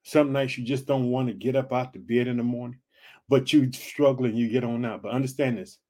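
Preaching fervently and repetitively on his faith podcast, this Illinois man addresses listeners as family in an encouraging sermon. He speaks briskly in a warm, mid-range voice with fairly even intonation.

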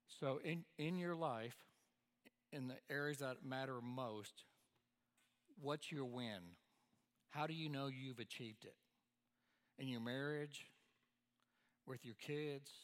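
Folksy preacher in a hall. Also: male voice, medium pitch. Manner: folksy, repeats key phrases for emphasis. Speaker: pastor. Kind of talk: sermon. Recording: long hall reverb.

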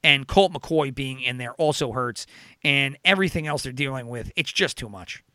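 A man's voice: medium pitch, normal speed, sharp tone, dry recording. A man hosting a casual sports betting chat, rambling with lots of fillers and self-corrections. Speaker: podcast host.

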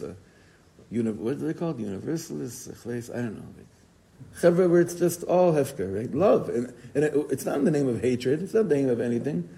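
A man giving an informal, animated Torah class, telling stories and mixing in Hebrew and Yiddish words. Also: mid-range voice, slight background noise, poor audio. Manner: animated storytelling, code-switching with Hebrew and Yiddish terms.

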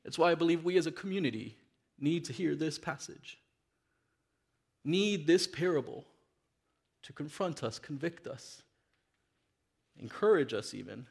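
A man's voice: on the high side, lively intonation, a little slow, gravelly, pauses often, breathy edge. A man preaching a sermon in a church, reading scripture aloud and then speaking earnestly and openly to the congregation. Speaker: pastor.

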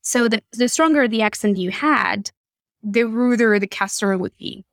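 A woman's voice: on the high side, moderate pace, no echo, clean studio sound. Argentine-accented woman telling stories. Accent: Argentine Spanish. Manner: animated storyteller, laughs often. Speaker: guest. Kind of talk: conversational interview.

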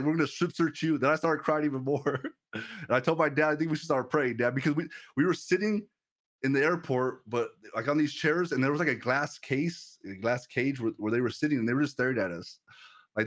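A young man giving a livestreamed sermon, telling a personal story in an earnest preaching manner with many halting restarts. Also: medium pitch, fairly bright tone. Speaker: pastor.

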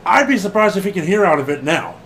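A man co-hosting a casual wrestling podcast, animated and laughing often, swearing freely and acting out what people said. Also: sits high, fast, slight background noise. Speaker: podcast co-host.

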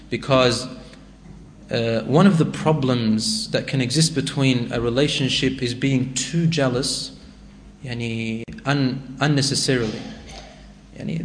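A man's voice: mid-range voice, slight background noise. A man giving a sermon and answering a question in a conversational way that rises to emphatic exhortation. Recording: echoey hall with faint ambience.

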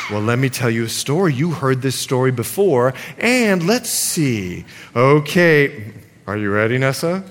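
A male pastor preaching a sermon in a church, animated and playful with his audience. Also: medium pitch, moderate pace, crowd noise, noisy background. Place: church sanctuary. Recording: long hall reverb, congregation audible. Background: congregation.

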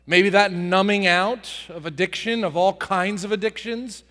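Pastor guy preaching big, acts out little prayers, higher voice, echoey church sound. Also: steady tone, a little slow. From United States. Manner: dramatic, acts out prayers in voices, shifts from soft to booming. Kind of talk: sermon.

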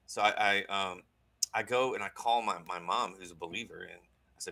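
A man, a guest on a talk show, telling a personal story in an earnest, halting way with many restarts. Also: sits low, gravelly, sharp tone, poor audio.

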